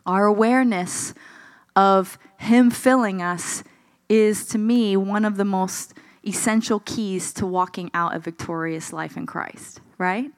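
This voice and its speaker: A woman preaching a sermon in a conversational, expressive way, asking the congregation questions and acting out the voices she quotes. She sounds a little tired. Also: medium pitch, no room sound.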